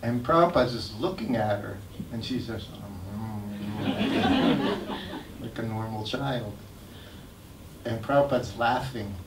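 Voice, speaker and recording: An older man, telling stories about his memories in an animated way and laughing as he goes. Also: medium pitch, moderate pace, background noise. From United States. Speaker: guest speaker sharing memories. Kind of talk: anecdotal storytelling talk. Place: temple hall. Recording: echoey hall, mic at a distance.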